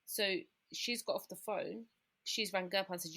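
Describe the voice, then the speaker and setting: A woman's voice: medium pitch, normal speed, sharp tone, husky. A British woman in her thirties, a podcast guest candidly recounting a personal story and often quoting what people said. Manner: candid, retells scenes by quoting people, frequent "like".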